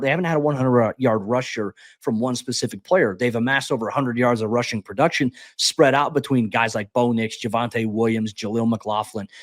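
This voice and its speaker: A man talks football at a brisk clip, previewing a game as a podcast co-host. His delivery is animated and full of quick restarts and "hey" asides. The sound is dry and close, with little room tone. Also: mid-range voice, no room sound. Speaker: beat reporter and podcast co-host. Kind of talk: sports podcast preview talk.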